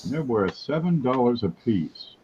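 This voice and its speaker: A man's voice: medium pitch, animated, measured pace, darkish tone, breathy edge, highs cut off. A man hosting a casual livestream chat, wisecracking and joking as he talks. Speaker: host.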